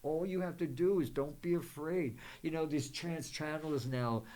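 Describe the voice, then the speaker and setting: A man's voice: on the high side, normal speed. Rambling man hosting a spiritual show. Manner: rambling, many fillers and restarts; gentle affirmations and blessings. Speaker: psychic and spiritual show host. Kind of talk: rambling spiritual talk to viewers.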